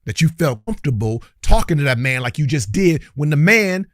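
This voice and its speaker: A man's voice: on the high side, big pitch swings, fairly quick, hardly any pauses, no echo, clean studio sound. A man hosting a reaction commentary, talking in a heated, preachy, colloquial way and speaking straight to his viewers. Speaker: commentary channel host.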